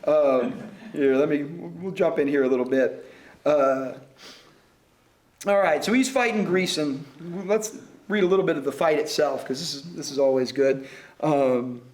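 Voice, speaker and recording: A man on a discussion panel, retelling a story and reading passages aloud with animated delivery. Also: on the high side, measured pace. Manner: animated, chuckling between readings.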